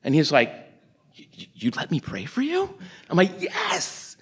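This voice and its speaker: A middle-aged man from New York City giving a storytelling sermon, acting out conversations in quick animated bursts. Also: fairly high pitch, breathy edge. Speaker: guest preacher.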